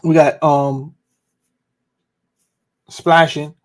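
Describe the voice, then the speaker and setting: A man hosting a podcast livestream, talking in a relaxed, casual, slangy way. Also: a little high, very slow. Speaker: podcast host.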